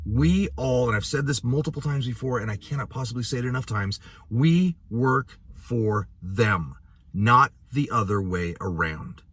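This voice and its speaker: A man's voice: medium pitch, moderate pace, a bit bright, slightly rough, no room sound. A male midwife giving an educational talk, telling a painful story from his work in an earnest, emotional way and often saying "you know". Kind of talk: educational talk with personal stories.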